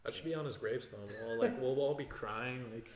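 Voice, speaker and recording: A man hosting a casual podcast, with a middle-pitched voice and a rambling, excitable way of talking full of fillers. He sounds like he is in an echoey room. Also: fairly quick, slight background noise. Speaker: podcast host. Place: gym.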